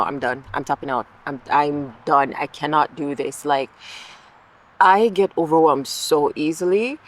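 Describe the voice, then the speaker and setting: In a rough recording, a woman vlogger with a low voice speaks in a casual monologue. She is candid and reflective, working through her feelings out loud and swearing now and then.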